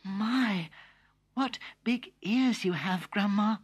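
A man's voice: high voice, takes it slowly, husky, pitched above the performer's own voice, heavily acted. A man doing a sweet little girl's voice. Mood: innocent. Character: sweet trusting little girl. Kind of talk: children's story tape acting.

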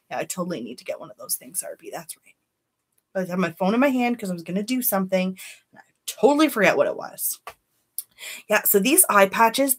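A woman's voice: medium pitch, a bit bright. A woman chatting casually on a beauty live stream, greeting viewers by name and giving candid opinions.

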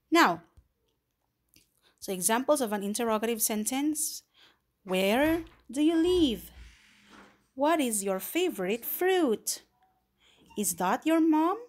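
A woman with a Filipino accent leads an English grammar lesson for young children. She speaks slowly and patiently in a somewhat high voice. She repeats each point and reads the example sentences aloud with clear emphasis. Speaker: ESL grammar teacher. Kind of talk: slow, deliberate online lesson for young learners.

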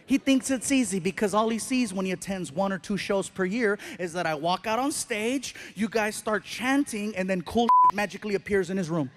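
A middle-aged man with a notably high voice tells a stand-up comedy story live on stage. He is animated and playful, and he switches into the people in the story as he acts out their dialogue. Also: normal speed, hardly any pauses, background noise.

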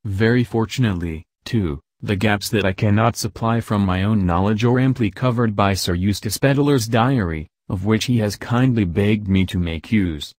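A man's voice: on the low side, normal speed, hardly any pauses, a little mellow, dry recording, studio quality, natural voice. A man reading as a young woman who eagerly tells her own adventure story.

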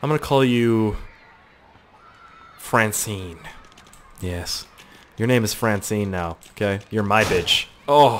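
A man giving excitable, crude let's-play commentary, swearing a lot and joking to himself. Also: fairly low pitch, a little hiss or hum. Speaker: gaming video host.

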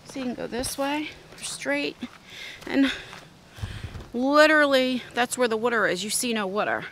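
A woman's voice: high-pitched, normal speed, a bit bright, slight background noise. A woman out of breath, chatting to her viewers as she walks outdoor trails, filming on a handheld phone. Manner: chatty, talks to viewers while walking. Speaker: vlogger. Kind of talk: casual walk-and-talk vlog.

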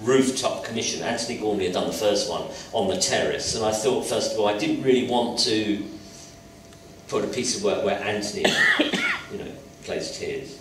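On stage in a college lecture hall, an English sculptor in his sixties, there as an invited guest artist, tells anecdotes and acts out the voices of his characters as a lively storyteller. His fairly low voice moves at a normal speed, captured from far off in an echoey hall with a noisy background.

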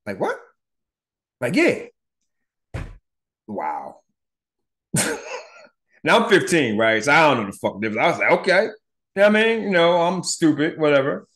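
Man, middle-aged, casual storytelling, swearing freely, lively swings in pitch. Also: normal speed, pauses often. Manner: animated, profane, acts out voices in his retelling. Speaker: podcast host.

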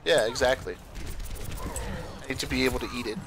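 A man's voice: medium pitch, fairly even intonation, a little fast. A young man streaming a game with a friend, chatting casually, laughing and swearing freely. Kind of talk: casual gaming chat.

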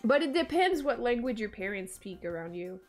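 A woman whose first language is French, streaming a game and chatting casually. She jokes, swears freely and breaks into sudden excited outbursts. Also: a little high, fairly quick, faint music behind. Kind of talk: casual gaming stream chat.

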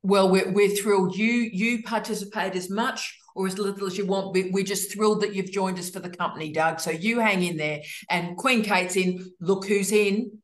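Female host, effusive and teasing, roomy video call sound. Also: mid-range voice. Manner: effusive, teasing, fast greetings. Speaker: host of online office hours. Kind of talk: casual video call chat. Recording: roomy echo.

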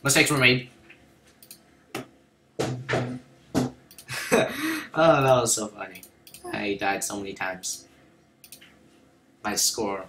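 A man giving casual, excitable commentary over his own gameplay, joking and repeating phrases as he plays. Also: medium pitch, a little slow, pauses often, echoey room, a little hiss or hum.

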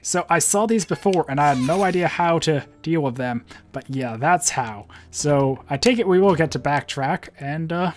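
A man's voice: fairly high pitch, expressive, moderate pace. A man talks through his game, musing and hesitating as he goes. His commentary is casual and unpolished, with faint game music in the background. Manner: thinks aloud with hesitant fillers. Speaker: let's play gamer. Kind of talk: casual gameplay commentary and reading dialogue aloud.

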